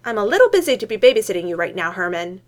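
A woman doing an excitable young scientist guy. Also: medium pitch, close to an everyday voice. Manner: rapid, excitable, voice shooting up. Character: excitable young male scientist, shrill and eager.

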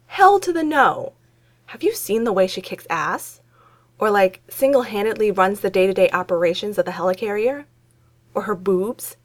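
A woman's voice: medium pitch, close to an everyday voice. A woman voicing a brash, sarcastic young woman. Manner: blunt, excitable, sarcastic. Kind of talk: reading fan fiction aloud.

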